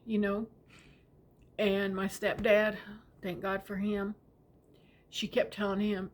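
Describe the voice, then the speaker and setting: A middle-aged woman telling a personal family story, tender and unhurried, often sinking to a whisper. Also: mid-range voice, flat delivery.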